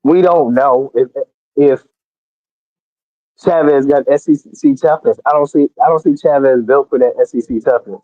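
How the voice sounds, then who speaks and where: A man's voice: medium pitch, moderate pace, mellow, no room sound. A man co-hosting a casual sports talk show, playful and jokey, heard over a phone line. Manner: playful, jokey, laughs often. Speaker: co-host. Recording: tinny phone-line sound.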